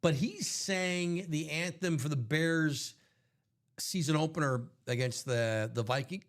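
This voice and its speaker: A man's voice: on the high side, unhurried. A man co-hosting a live sports card break, chatting and rambling through sports tangents. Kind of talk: casual live-stream banter.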